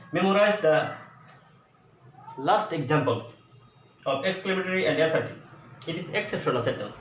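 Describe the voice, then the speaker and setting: A man teaching an English grammar lesson at a board, explaining slowly and going over each example again. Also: high-pitched, fairly bright tone. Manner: slow, deliberate explaining with repeated examples. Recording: echoey room, voice from a distance, faint noise.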